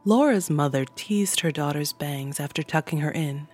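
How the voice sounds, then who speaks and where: A woman narrating a short horror story in a calm, measured way. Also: sits low, faint music behind. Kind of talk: scripted horror fiction narration.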